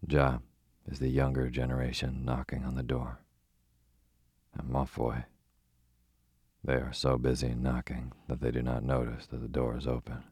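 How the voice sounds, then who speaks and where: Guy reading as a calm fussy old detective, super deep gravelly voice, flat and husky. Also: dry recording, studio quality, heavily acted. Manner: placid, deliberate, foreign turns of phrase. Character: fussy, precise older male detective.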